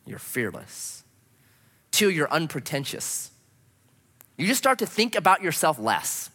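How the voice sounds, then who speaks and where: A man preaching a sermon as a pastor, animated and full of rhetorical questions. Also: a little high, slow pace, long pauses, in a large hall.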